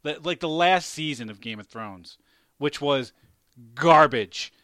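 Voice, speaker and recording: A man hosting a casual chat, rambling and animated, swearing and laughing often. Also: fairly high pitch, unhurried, dry recording, studio quality.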